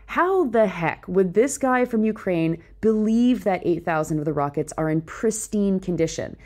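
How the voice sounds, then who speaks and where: A woman's voice: lowish voice, a little mellow. A woman hosting opinionated news commentary, reading out quotes and breaking into sarcastic, incredulous asides.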